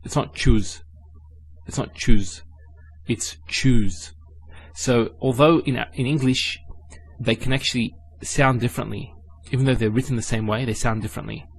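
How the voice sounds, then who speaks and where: A male teacher with a mid-range voice explains Arabic letters and vowels in a spoken lesson. He is patient and methodical, breaking words into syllables and sounding each one out slowly, then repeating it. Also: medium pitch, fairly even intonation, slightly rough.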